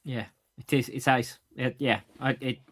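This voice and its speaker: A man with a medium-pitched voice, fairly even intonation, and a moderate pace co-hosts a running podcast remotely. Speaking through AirPods, he chats casually, stumbles, and laughs at his own slips.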